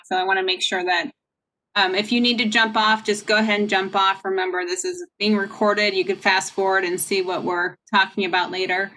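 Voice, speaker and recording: A woman's voice: medium pitch, pushed and bright. Chatty woman leading a video meeting. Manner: chatty, rambling, frank. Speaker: meeting leader. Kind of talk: casual meeting talk. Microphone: video call.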